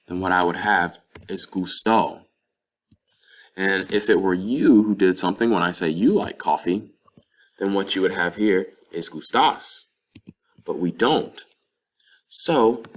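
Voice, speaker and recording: A man with a very low, deep voice teaches a language lesson. He explains things patiently and step by step, working through example phrases. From North Carolina, USA. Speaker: Spanish teacher.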